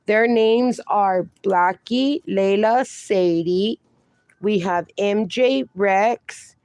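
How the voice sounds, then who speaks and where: A woman hosting a casual phone livestream at home, chatting warmly with viewers and calling them darling and honey. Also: medium pitch, drawn-out words, no room sound, clean studio sound. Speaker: livestream host. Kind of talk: casual livestream chat, reading chat aloud.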